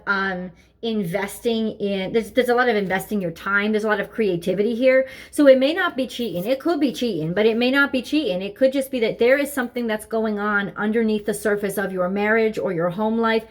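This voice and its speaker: A woman giving a tarot reading at home, talking earnestly and repeating herself as she thinks aloud. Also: medium pitch. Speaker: tarot reader. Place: home, seated at desk with her dog nearby.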